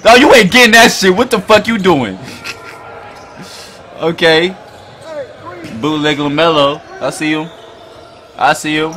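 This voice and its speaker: Hyped, loud man reacting to basketball. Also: a little high, unhurried, long pauses. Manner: loud, profane, hyped, often shouting at the screen. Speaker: reaction video host. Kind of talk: excited basketball reaction commentary.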